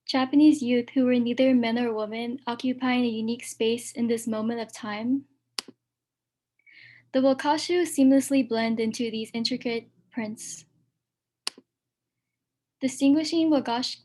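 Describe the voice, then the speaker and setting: A woman calmly reading a reflective excerpt from her comic at a workshop. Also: on the high side. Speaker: workshop reader.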